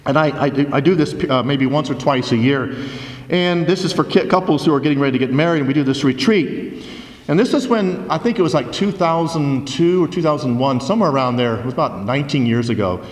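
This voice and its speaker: A man preaching a forceful homily as a priest, full of rhetorical questions. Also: fairly high pitch, expressive, brisk. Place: large church. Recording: echoey church from a distance.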